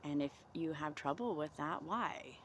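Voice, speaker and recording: A woman vlogging outdoors in the cold, talking through reflective self-help questions in a gentle, encouraging way. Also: sits low, lively intonation, a little slow, a little hiss or hum.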